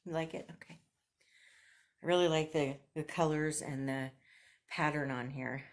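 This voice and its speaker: A woman with a notably low voice talks through a thrift haul and try-on as a vlogger. She is chatty and enthusiastic and laughs often. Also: steady tone, moderate pace.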